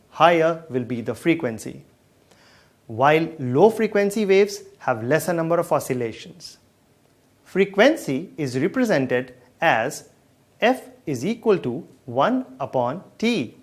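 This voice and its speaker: A man patiently explaining sound waves in a scripted educational dialogue. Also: on the high side. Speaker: science explainer.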